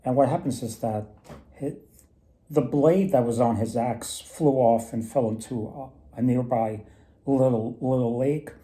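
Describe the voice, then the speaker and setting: Rambling man with a very dark voice. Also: mid-range voice, unhurried. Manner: rambling, many restarts. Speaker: storyteller and mythology presenter. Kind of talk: casual storytelling talk.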